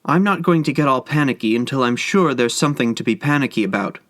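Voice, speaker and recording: A man's voice: medium pitch, expressive, fast talker, a bit bright, no echo, clean studio sound. A man voicing a tearful, devoted wife who soothes and pleads with her husband. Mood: resolute. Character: tearful devoted wife, middle-aged woman.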